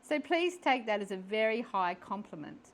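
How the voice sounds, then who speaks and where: A woman voicing a charming, smitten French gentleman with a French accent who pays flattering compliments in a storybook reading. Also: high-pitched, normal speed, heavily acted. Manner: flattering, forward.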